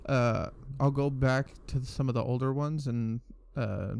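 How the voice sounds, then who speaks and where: A young man in his twenties with a gravelly, creaky edge to his voice and a middling pitch. He talks loosely and rambles on a casual podcast, swearing freely as he goes. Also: a little slow, a little mellow. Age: 20s. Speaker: podcast co-host. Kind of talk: casual chat.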